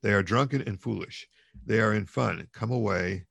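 Brief: man reading a steady, soothing father, low and gravelly, dry close sound. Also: normal speed, dry recording, heavily acted. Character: calm peasant father, soothing and firm.

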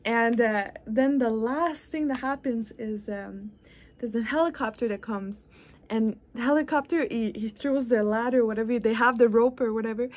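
Earnest, high-voiced woman giving a motivational talk. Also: normal speed. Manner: earnest, encouraging. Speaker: wellness coach and podcast host.

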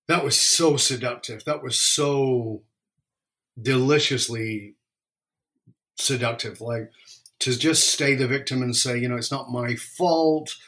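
A man telling an emotional personal story, reflective and candid, speeding up and slowing down as he goes. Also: mid-range voice, a bit bright. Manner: emotional, reflective, varies pace widely.

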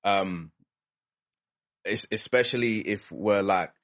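A man with a London accent, hosting a podcast in casual chat and telling lively stories full of slang. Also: fairly low pitch, slow, muffled recording. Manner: animated storyteller, slangy. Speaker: podcast host.

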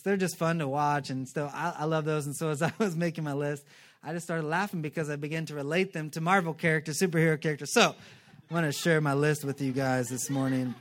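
A male pastor giving a lively, joking sermon and acting out quick character voices. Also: fairly high pitch.

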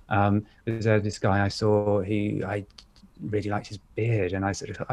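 A man with an upper-class English accent, telling personal stories in a candid, reflective chat, with many pauses and fillers. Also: fairly low pitch, vocal fry, darkish tone. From United Kingdom. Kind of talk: casual chat, storytelling.

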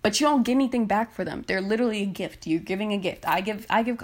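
A woman's voice: medium pitch, fast talker. A woman podcast host ranting casually and bluntly into her phone, swearing and exasperated.

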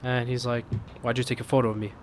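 A man spins a personal story in a relaxed chat, his voice in an ordinary middle range. As the punchline lands, he laughs through his words and his voice climbs high with excitement. A faint hiss of noise sits under the recording. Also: fast. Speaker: storyteller in a casual podcast chat. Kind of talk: casual chat, animated storytelling.

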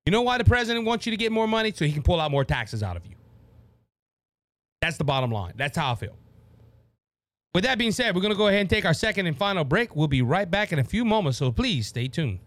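A man's voice: sits high, big pitch swings, quick pace, fairly bright tone, dry recording. A man with a Louisiana accent hosting a political talk show, passionate and worked up, often stumbling and repeating words. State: worked up and sweating. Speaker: podcast host.

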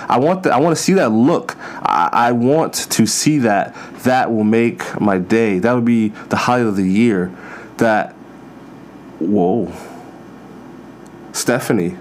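A man hosting a podcast, telling rambling, profane stories in a casual comedic monologue with self-mocking asides. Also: mid-range voice. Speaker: podcast host.

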